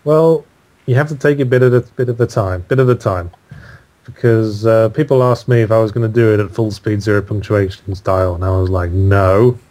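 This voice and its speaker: British guy, low voice, dry self-deprecating humor, talks in quick bursts in an interview. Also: fairly even intonation, darkish tone. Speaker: author and guest. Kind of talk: casual interview chat.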